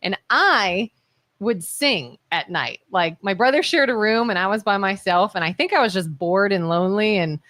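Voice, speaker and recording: A woman co-hosting a casual talk radio show, chipper and animated as she tells stories. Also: mid-range voice, moderate pace, no room sound. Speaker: co-host. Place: radio studio.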